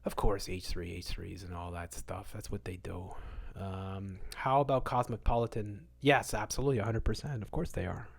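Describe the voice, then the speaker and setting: A man hosting a livestream, answering chat in a casual rant, moralizing and repeating words for emphasis, at times loud, at times muttering. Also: lowish voice, steady tone, moderate pace, vocal fry, few pauses, breathy edge, no echo. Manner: swings between loud outbursts and muttered asides.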